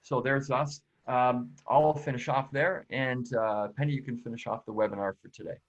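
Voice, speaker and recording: A man's voice: medium pitch, steady tone, moderate pace. Brief: male webinar presenter, friendly and casual, mid voice, slightly muffled audio. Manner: casual, friendly, with frequent fillers. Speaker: productivity expert and presenter.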